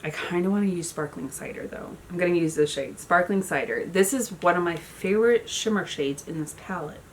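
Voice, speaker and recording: A beauty vlogger in her thirties chats casually at home while doing her makeup, telling stories packed with "like." Her voice is on the low side and fairly quick, with slight background noise.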